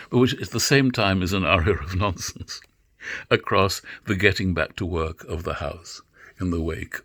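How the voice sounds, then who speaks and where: An older man talks through a drama lecture off the cuff, his voice deep and gravelly. He muses aloud and halts often, circling back with fillers and restarts. The sound is dry and close. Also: a bit bright, no room sound. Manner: musing, halting with many fillers and restarts. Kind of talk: unscripted lecture.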